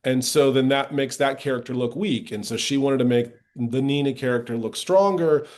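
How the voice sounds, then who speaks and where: A middle-aged man, an actor, talking candidly as a podcast guest and recounting past experiences. He acts out other people's lines with lively shifts in tone. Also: medium pitch, moderate pace. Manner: animated retelling, acting out quoted voices with lively shifts. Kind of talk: candid storytelling in a casual interview.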